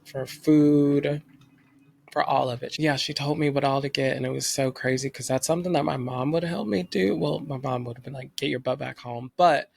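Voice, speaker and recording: A young man telling a personal story in a rambling, emotional way, full of fillers, speaking in fast bursts. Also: a little high, fairly even intonation, gravelly, darkish tone. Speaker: vlogger.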